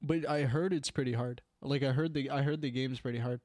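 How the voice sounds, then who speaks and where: A man's voice: medium pitch, steady tone, fairly quick, a little mellow. A man from Canada chatting casually with friends, rambling with lots of "like" and restarts. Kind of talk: casual chat.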